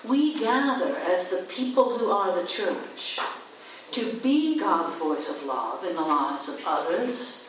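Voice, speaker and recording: A woman pastor giving a baptism sermon, slow and deliberate, with repeated phrases and emphatic rises. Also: fairly low pitch, very animated, slight background noise. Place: church sanctuary. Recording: echoey church from a distant mic.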